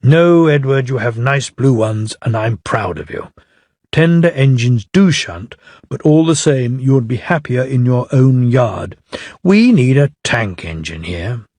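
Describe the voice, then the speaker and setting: Man voicing stern fussy railway boss, brisk and severe, lively pitch, storybook. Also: dry recording. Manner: brisk and severe, kindly to good engines.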